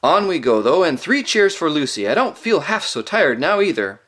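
A man reading aloud and voicing a brisk, bossy older boy king who urges the others on. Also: on the high side, sing-song, fairly bright tone, voice pushed up. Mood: cheerful. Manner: brisk and urging.

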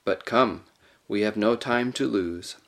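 A man reading aloud and voicing a wise, kingly lion who speaks gently and gravely. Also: lowish voice, slow pace. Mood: gentle. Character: great wise male lion, calm and kingly.

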